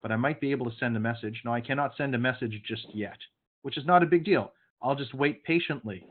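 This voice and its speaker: A man's voice: medium pitch, fast. A man leading an online sales training session, coaching his group directly and sometimes sternly. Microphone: video call. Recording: phone-like video call audio.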